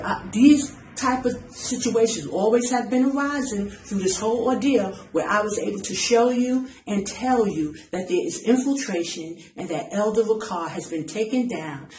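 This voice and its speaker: A woman's voice: medium pitch, a little mellow, reverberant, a little hiss or hum, low-quality recording. A woman preaching an impassioned online message, urgent and pleading, repeating her phrases for emphasis. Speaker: self-styled preacher.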